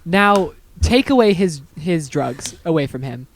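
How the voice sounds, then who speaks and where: A man's voice: fairly high pitch, expressive, unhurried, slight background noise. A man co-hosting a podcast, riffing on a film with playful jokes in casual chat. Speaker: podcast co-host. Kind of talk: casual movie-review chat.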